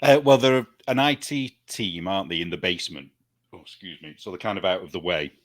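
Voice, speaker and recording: A man's voice: low-pitched, a little fast, dry recording, clean studio sound. A British man chatting casually as a guest, laughing often and slipping into mimicked accents. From United Kingdom. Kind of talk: casual chat.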